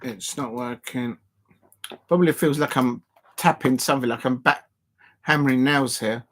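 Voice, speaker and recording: A man's voice: mid-range voice, steady tone, normal speed. A man casually chatting and commenting on a football match during a live watch-along stream, rambling with lots of fillers and restarts, sitting close to his desk microphone. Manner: rambling, self-deprecating, many fillers and restarts.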